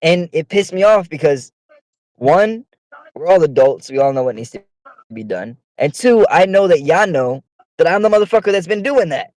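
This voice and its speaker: A man's voice: fairly high pitch, animated, moderate pace, a little mellow, no room sound, poor audio. A man telling a long, profane story on a casual podcast, with heated delivery. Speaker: podcast co-host.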